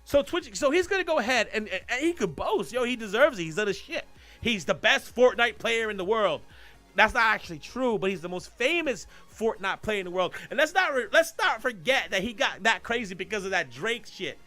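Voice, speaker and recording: A man with a high, bright voice that swings widely up and down, hosting a casual podcast he streams live. He rambles and swears as he tells the story, with faint music under him. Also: fairly quick. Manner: profane, rambling, animated storytelling. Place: home streaming setup. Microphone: desk mic while streaming live.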